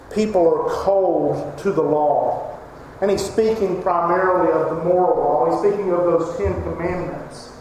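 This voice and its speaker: A man's voice: a little high, dark tone. A man preaching a sermon as pastor, emphatic and crying out when he quotes scripture. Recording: echoey hall reverb, faint noise.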